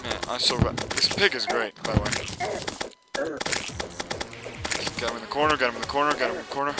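Excitable young man narrating gameplay. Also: medium pitch, a little fast, very noisy. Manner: excitable, laughing, talks to enemies. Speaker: gameplay video host. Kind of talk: casual let's-play commentary. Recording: game music behind voice. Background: game music.

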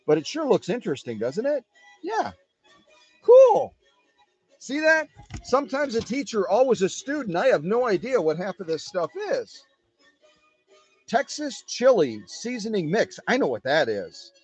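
Animated, husky-voiced man chatting live. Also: sits high, normal speed, soft background music. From Wisconsin. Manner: chatty, animated, talks to the viewers. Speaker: live-stream host of a sewing machine restoration channel. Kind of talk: casual live-stream chat. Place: home workshop.

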